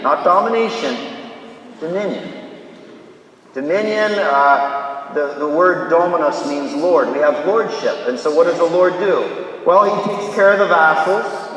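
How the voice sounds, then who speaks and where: Brief: male priest, measured preaching, heavy church reverb, mic set far back. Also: medium pitch, a bit bright, slight background noise. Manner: slow, deliberate preaching with storytelling. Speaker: Catholic priest. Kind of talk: sermon. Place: large church. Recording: echoey church hall from far off.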